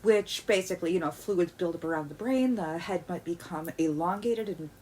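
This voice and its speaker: A woman's voice: lowish voice, moderate pace, slight background noise. Heated ranting woman vlogger. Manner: animated and heated, stammering restarts, swings from loud outbursts to quiet muttering. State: agitated. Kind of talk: ranting commentary.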